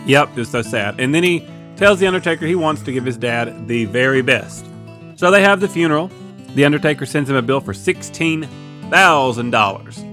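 A man co-hosting a comedy podcast, telling jokes with goofy, lively banter. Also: medium pitch, fairly quick, faint music behind. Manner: goofy, repeats silly exclamations, lively storytelling. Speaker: podcast co-host. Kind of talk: casual joke-telling banter.

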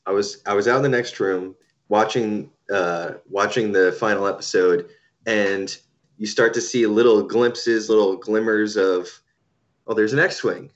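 A man speaks in a fairly low voice during casual podcast chat. He gets excited and stumbles into repeated restarts. The recording sounds dull and lo-fi. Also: slow pace.

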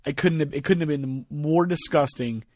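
A man hosting a casual podcast, teasing his co-host in relaxed banter. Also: fairly high pitch, normal speed, no room sound, clean studio sound. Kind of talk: casual chat.

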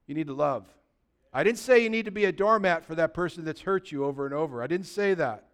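A male pastor preaching in a church, talking to the congregation in an easy, conversational way and throwing questions out to them. His voice sits high and sounds smooth and resonant. He moves between loud, energetic stretches and quieter, softer ones. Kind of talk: sermon.

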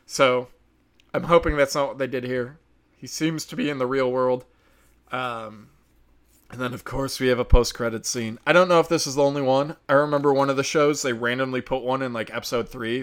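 Bright-voiced man ranting on a podcast. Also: mid-range voice, fairly even intonation, normal speed, clean tone. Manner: profane, exasperated, sarcastic. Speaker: podcast host. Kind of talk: casual solo podcast rant.

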